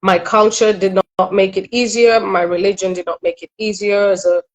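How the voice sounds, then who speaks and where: A woman's voice: mid-range voice, flat delivery, poor audio. Woman, middle-aged, from Kenya, relationship coach, candid interview talk, earnest, reflective. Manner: earnest, reflective, quick asides.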